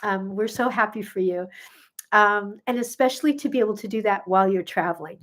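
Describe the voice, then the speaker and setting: A woman's voice: mid-range voice, fairly quick, a bit bright. A middle-aged woman, a gut health coach, chatting casually on a live stream, bubbly and effusive with many ums, a little sniffly. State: sniffly from pollen.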